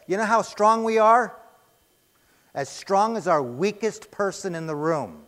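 A high-voiced male preacher delivers an emphatic sermon, firing off rhetorical questions and answering them himself. His voice rings out with a long reverb tail through the church sanctuary. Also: animated, measured pace, a bit bright.

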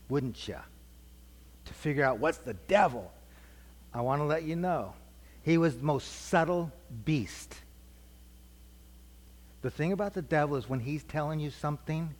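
Middle-aged man preaching in a reverberant hall. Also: mid-range voice. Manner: asks the group questions and repeats answers. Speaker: preacher teaching a class. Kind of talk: conversational Bible teaching.

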